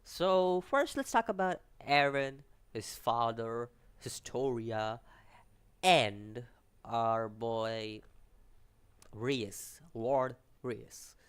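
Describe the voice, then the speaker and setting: In a casual, animated review of an anime episode, a man with a non-native English accent rambles, stumbles over names and restarts his sentences. His mid-range voice is smooth and very slow.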